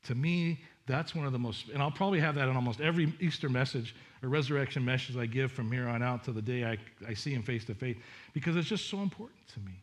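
A man's voice: mid-range voice, fast. A male pastor preaching a sermon in an earnest, conversational way, often restarting his sentences. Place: church sanctuary.

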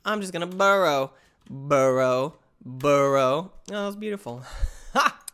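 A man giving excited gameplay commentary, yelping, exclaiming and trash-talking as he plays. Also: high voice, a little fast. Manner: excitable, yelps and exclaims loudly; trash-talks the game. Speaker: gamer.

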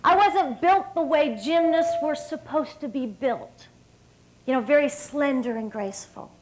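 A high-pitched woman in her thirties, from West Virginia, speaks from a dinner stage. She tells her story in a bright, energetic way, often laughs, and turns straight to the audience. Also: measured pace, poor audio. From West Virginia, USA. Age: 30s. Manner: lively storyteller, often laughing, addressing the crowd directly. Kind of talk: motivational speech to an audience. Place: stage at an evening dinner event.

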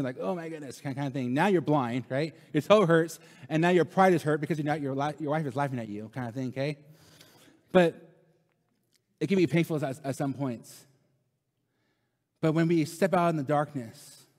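A thirtysomething pastor delivers a sermon in a church sanctuary, his voice a little high and a little mellow, with the echo of a big room. He keeps it conversational and casual, frequently adding "right?" and repeating lines to drive points home.

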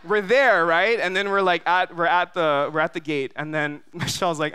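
A man's voice: fairly high pitch, fairly even intonation, moderate pace, sharp tone, clean tone. A man from Hawaii preaching a sermon, telling a long story full of fillers and often asking the crowd "right?". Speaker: pastor. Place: church service.

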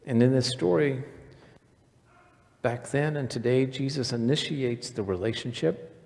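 A man's voice: medium pitch, gravelly. A male pastor giving a conversational sermon in a church, putting questions to the congregation. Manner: conversational preaching, quizzes the congregation. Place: church sanctuary. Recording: reverberant church hall.

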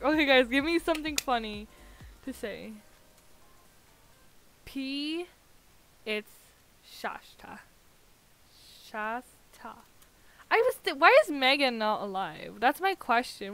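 A woman streaming a game, chatting to viewers in an excitable, chatty way and laughing often. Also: a little high, slow, pauses often. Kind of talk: casual live-stream gaming chat.

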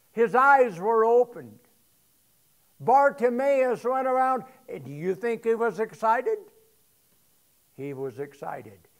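A man with a high voice preaches unhurriedly in a church sanctuary. His delivery swings from hushed asides to loud, shouted scripture lines, and he calls on the congregation to answer back. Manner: call-and-response with congregation. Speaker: pastor. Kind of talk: sermon.

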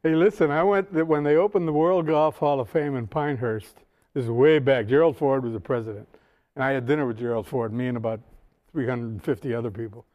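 A man's voice: medium pitch, fairly quick, narrow, tinny audio. An older man, a guest on a casual talk show, answering with wry, dry humor. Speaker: guest, golf historian. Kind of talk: casual chat.

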